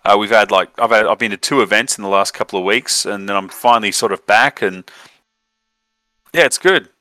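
A man hosting a casual podcast chat, rambling and correcting himself often, quick to laugh. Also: fairly low pitch, pushed and bright, dry recording. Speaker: podcast host.

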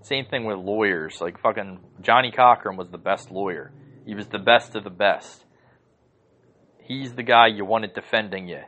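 Low-voiced guy ranting on his home podcast, swears a ton, rambles with lots of likes and uhs. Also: normal speed, bright, forceful tone, highs cut off. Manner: heated, profane, rambling with many fillers. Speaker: podcast host. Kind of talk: casual rant.

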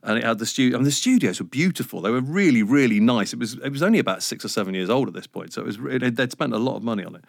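A man's voice: mid-range voice, vocal fry, no room sound, studio quality. A middle-aged man, telling a rambling, self-mocking story in a casual interview. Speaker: radio presenter guest.

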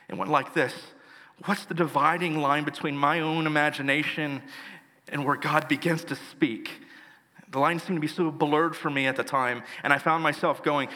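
A male pastor preaches in an earnest, storytelling way, his voice bright and slightly high. He reads scripture slowly and leans on key words. A long reverb of a church hall trails each phrase. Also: fairly even intonation. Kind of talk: sermon.

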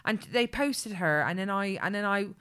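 A woman chatting casually as a podcast co-host, telling animated stories with restarts and stammers. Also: mid-range voice, moderate pace, clean tone. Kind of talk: casual chat.

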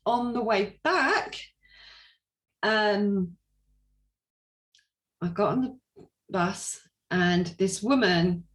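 A woman from England, an interview guest giving a personal testimony in animated storytelling with frequent laughter and fillers. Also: mid-range voice, drawn-out words, long pauses.

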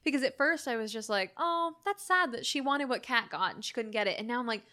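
A young woman in casual chat about a film, animated and full of "like", sometimes swearing. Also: on the high side, a little fast. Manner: animated, swearing, heavy use of "like", jumps into excited shrieks. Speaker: podcast co-host discussing a film.

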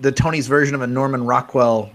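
A man co-hosting a casual podcast, joking and teasing, tossing in quick asides. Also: medium pitch, steady tone, fairly bright tone. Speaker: podcast co-host. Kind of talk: casual chat.

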